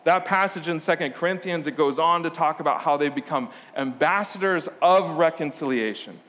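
A man's voice: fairly high pitch, normal speed, fairly bright tone. A man, a pastor, preaching a sermon in a casual, conversational way with playful storytelling. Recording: long hall reverb.

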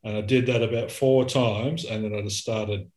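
Man, therapist, casual chat, animated storytelling, echoey room. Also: fairly low pitch, moderate pace. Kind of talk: casual conversation. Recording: roomy echo.

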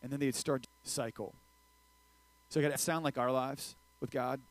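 A man preaching a casual sermon to a youth group, energetic and joking, talking straight to the crowd. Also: mid-range voice, moderate pace, dry recording, poor audio. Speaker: youth pastor.

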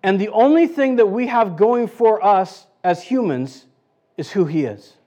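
A man's voice: high voice, lively intonation, measured pace, mellow, lo-fi sound. A man preaching a casual sermon as pastor, chatty, full of rhetorical questions and restarts. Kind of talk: conversational sermon.

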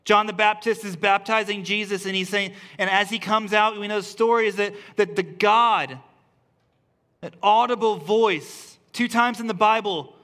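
A man's voice: sits high, steady tone, normal speed, a bit bright. A man, a pastor, preaching a sermon in an earnest, repetitive way that builds emphasis through restarts. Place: church service.

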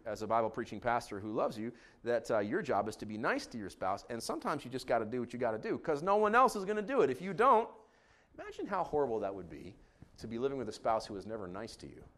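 A middle-aged man preaching a sermon as a pastor, joking and animated, shouting in acted bits. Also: medium pitch, fast talker.

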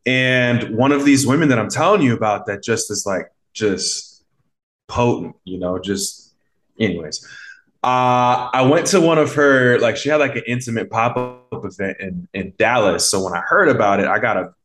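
A man's voice: mid-range voice, expressive, moderate pace, fairly bright tone. A man guesting on a podcast as a mindset coach, telling a story in a loose, rambling way with lots of fillers and acted-out quotes. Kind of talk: casual conversational storytelling.

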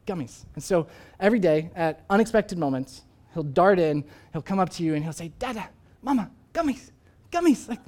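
A man's voice: sits high, darkish tone. A young man, a pastor, preaching a sermon in a conversational, storytelling way, full of casual asides. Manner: conversational storytelling, uses "like" often.

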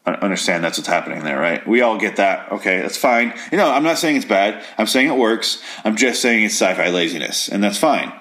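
Rambling sardonic man with a low voice. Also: expressive, fairly quick, few pauses, fairly bright tone. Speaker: podcast host reviewing a show. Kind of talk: comedic review monologue.

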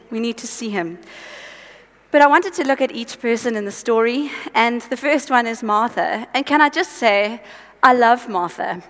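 A woman with a high-pitched, fairly bright voice gives an earnest, exhorting sermon that breaks into chatty asides. Her voice sounds tired, and it rings out with a long echo, as though in a large church hall.

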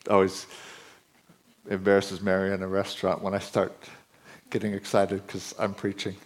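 A middle-aged male preacher giving a sermon, his voice climbing higher and louder as he gets excited. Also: normal speed. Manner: voice climbs high and loud when excited.

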